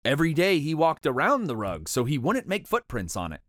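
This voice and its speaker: A storybook narrator reading a children's picture book aloud with expressive delivery. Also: medium pitch, brisk, dry recording, studio quality.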